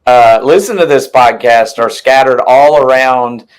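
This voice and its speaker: Male podcast host, mid-pitch voice, relaxed, brief prompts to a guest. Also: a little slow, clean tone, poor audio. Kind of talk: casual chat.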